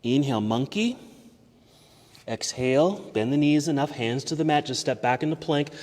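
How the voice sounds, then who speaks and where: A man teaching a yoga class, calmly cueing poses step by step and easing toward relaxation, a little out of breath. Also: mid-range voice, normal speed, big-room sound. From United States. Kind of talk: guided yoga class instruction. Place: yoga studio.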